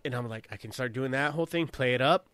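A man's voice: medium pitch, quick pace, a bit bright, clear, resonant tone, dry recording. A young man from California telling a profane, laughing anecdote in a casual chat.

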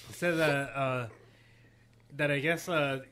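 Young guy, somewhat high voice, loose rambling storyteller in casual chat. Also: fairly even intonation, extremely slow, fairly bright tone, clean tone. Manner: rambling, heavy "like" fillers.

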